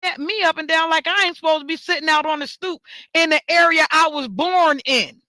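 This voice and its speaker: A woman rants straight into the mic in a high, bright voice. She swears freely and repeats words for emphasis, and the dry recording has no room sound. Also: a little fast, no echo. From New York. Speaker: talk show host. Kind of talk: ranting monologue.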